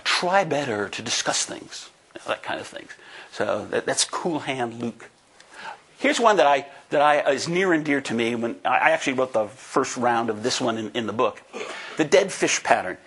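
A man's voice: on the high side, a bit bright, slightly rough. A man in his sixties giving a presentation to a live audience, talking in an emphatic, folksy way and often checking in with "right?". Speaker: conference speaker and book co-author. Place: talk before a live audience.

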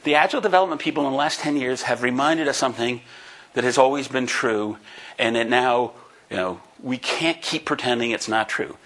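Husky older guy in his sixties, folksy and emphatic, giving a talk to an audience. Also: mid-range voice, fairly quick, a bit bright. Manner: emphatic and folksy, with frequent "right?" asides. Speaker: conference speaker and book co-author. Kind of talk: lively presentation to an audience. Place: talk before a live audience.

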